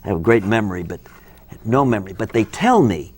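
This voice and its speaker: A man's voice: lowish voice, sing-song, brisk, darkish tone, husky. An older man from Minnesota, a guest actor telling rambling stories of his career. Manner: rambling storyteller, acts out quotes. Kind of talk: anecdotal interview talk.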